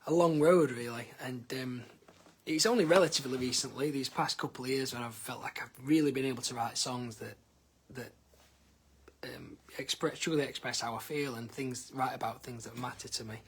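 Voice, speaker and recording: A man's voice: mid-range voice, fairly quick, husky. A man, a singer-songwriter, chatting casually with viewers on a live stream from his living room, greeting people by name with plenty of ums. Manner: chatty, reads out viewer names, hesitant with many ums. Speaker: singer-songwriter and livestream host. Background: guitar.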